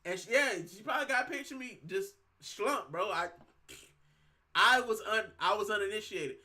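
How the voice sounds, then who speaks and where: A man from Puerto Rico chats casually as a show host, with a high, bright, forceful voice. He tells stories in loose slang and says bro a lot. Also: moderate pace. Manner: slangy storytelling, keeps saying bro. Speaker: football channel host. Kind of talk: casual chat.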